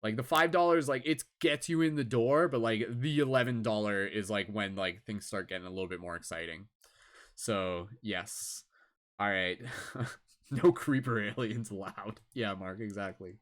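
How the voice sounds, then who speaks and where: A man hosting a live tarot stream, chatting casually with viewers in an animated, laid-back way, swearing and laughing often. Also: on the low side, moderate pace. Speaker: tarot reader and livestream host. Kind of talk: casual livestream chat.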